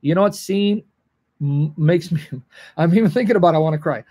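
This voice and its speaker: A man's voice: high voice, quick pace, warm tone, slightly rough. A man leads a livestream Bible session and speaks to viewers in the chat by name. He is earnest and openly emotional. His voice sits a little above the usual male range. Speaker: Bible teacher. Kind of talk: livestream teaching answering chat.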